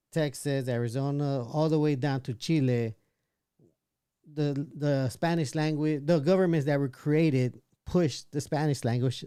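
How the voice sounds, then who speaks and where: A man's voice: a little high, warm tone, clear, resonant tone, no room sound, clean studio sound. A man hosting a casual livestream, reading chat messages aloud and giving his opinions with frequent restarts. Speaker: livestream podcast host.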